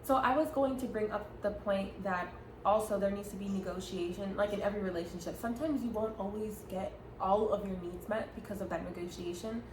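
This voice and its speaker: A woman's voice: medium pitch, steady tone, brisk. A young woman co-hosting a podcast in casual chat, giggly and hesitant, with lots of ums. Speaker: podcast co-host. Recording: echoey room with clear background noise.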